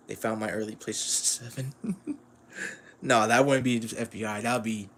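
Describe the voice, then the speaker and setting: A man's voice: fairly low pitch, fairly even intonation, normal speed, fairly bright tone, a little hiss or hum. A man streaming casual commentary on a manga, rambling with lots of fillers and frequent chuckles.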